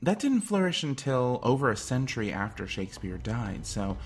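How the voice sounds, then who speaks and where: A man's voice: mid-range voice, sing-song, moderate pace, slightly rough. A man narrating a scripted video essay in a wry, enthusiastic way.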